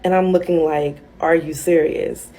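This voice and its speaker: A woman's voice: sits low, fairly even intonation, moderate pace, dark tone, a little hiss or hum. A woman, a mother, telling a family story in a dry, matter-of-fact way. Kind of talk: casual storytelling.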